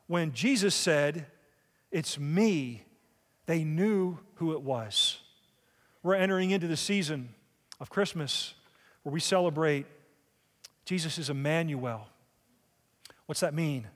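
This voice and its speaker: A man with a high voice delivers a sermon as a pastor, putting questions to his listeners. His voice carries a long reverb, as in a large church hall. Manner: preaching with rhetorical questions to the congregation.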